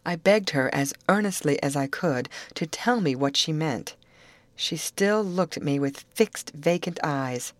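A woman narrating a classic novel aloud in a measured, earnest storytelling manner. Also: deep voice, expressive, no echo. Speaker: audiobook narrator.

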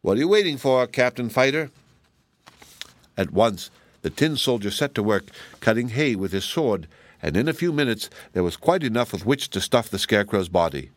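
A man reading a children's storybook aloud as a calm, measured audiobook narrator. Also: fairly low pitch, no room sound. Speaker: audiobook reader.

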